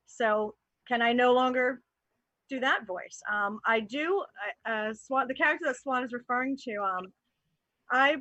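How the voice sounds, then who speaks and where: A woman from New Jersey talks animatedly and candidly on a live panel show, thinking aloud as she goes. Her voice is bright and dry, and the video call audio is muffled. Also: on the high side, dry recording. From New Jersey, USA. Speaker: actor and improv performer.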